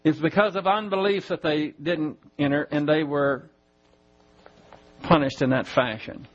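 Male pastor, high voice, verse-by-verse sermon in church, muffled low-fi recording. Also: steady tone. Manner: teaching Bible verses, spelling out Greek words slowly.

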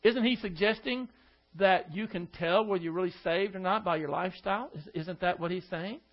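High-pitched guy preaching, lots of "isn't that what he's saying?" type questions, kinda scornful, muffled lo-fi sound. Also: brisk. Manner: rhetorical questions, scornful asides. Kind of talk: sermon. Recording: dull lo-fi recording.

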